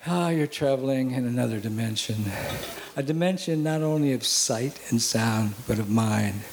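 A man's voice: medium pitch, a little mellow, a little hiss or hum, voice pushed down, natural voice. A man mimicking a solemn TV narrator. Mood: ominous. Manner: slow dramatic intoning. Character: solemn male TV anthology narrator, ominous.

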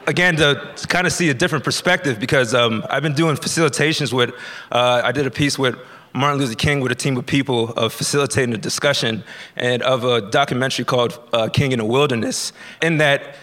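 A man's voice: medium pitch, fairly quick, sharp tone. A man telling a personal story to a live audience in a casual, conversational way, acting out dialogue and using many fillers.

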